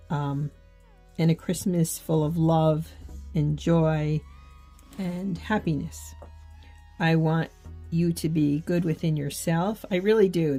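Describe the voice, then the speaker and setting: A woman with a somewhat low voice talks gently and earnestly while she works on a faith journal. She chats casually to her viewers, with soft laughs and little fillers along the way. Quiet music plays faintly underneath. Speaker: faith journaling channel host.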